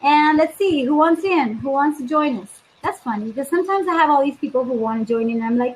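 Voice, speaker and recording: A woman's voice: sits high, expressive, quick pace, hardly any pauses, darkish tone, a little hiss or hum, poor audio. A woman life coach hosting a live video stream, chatting casually and upbeat, talking straight to her viewers.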